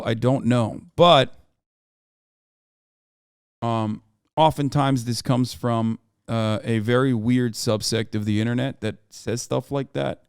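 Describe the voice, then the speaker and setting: A man's voice: mid-range voice, steady tone, takes it slowly, clear, resonant tone, dry recording, studio quality. A man in his thirties giving casual, profane live-stream commentary on the news and reacting to his chat. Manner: brash, profane, riffing on chat.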